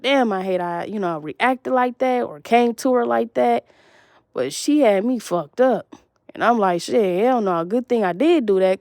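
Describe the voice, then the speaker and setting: A woman's voice: medium pitch, vocal fry, a little mellow, no echo, studio quality. A woman telling a long, rambling, profane story in an agitated monologue to camera.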